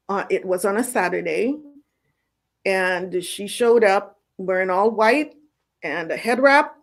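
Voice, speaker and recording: A middle-aged woman host telling her personal faith story in an earnest, storytelling way, with soft laughs now and then. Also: mid-range voice. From United States. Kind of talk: personal testimony.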